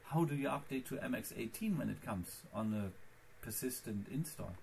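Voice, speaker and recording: A man's voice: medium pitch, lively intonation, moderate pace, creaky, a little mellow, a little hiss or hum. A man vlogging casually about his computer setup, rambling and talking straight to his viewers. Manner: rambling, chatty, addressing viewers. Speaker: Linux vlogger. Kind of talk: casual screencast vlog.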